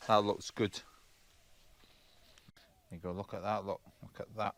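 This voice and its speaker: A man's voice: low voice, steady tone, fairly quick, vocal fry, pauses often, a bit bright, a little hiss or hum. Chatty man with a rambling delivery. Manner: chatty, rambling, stumbles and repeats words. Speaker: travel vlogger. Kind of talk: casual walkaround narration. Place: roadside café, partly outdoors.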